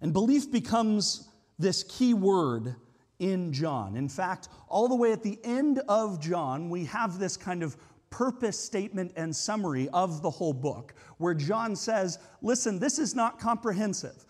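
A man's voice: high voice, lively intonation, measured pace, darkish tone. A man preaching a sermon as a pastor, talking in a conversational, explanatory way with frequent hedging asides. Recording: long hall reverb.

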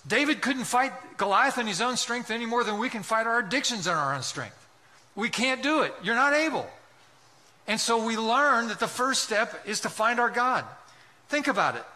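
A man delivers an impassioned sermon in a high, piercing voice. His tone is forceful and tense, and he presses one rhetorical question after another while now and then acting out voices from the story. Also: expressive, moderate pace. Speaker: pastor.

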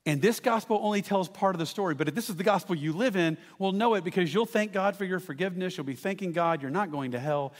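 Man, pastor, high voice, animated sermon, long hall reverb. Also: fast, hardly any pauses. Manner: animated storytelling with asides to the congregation.

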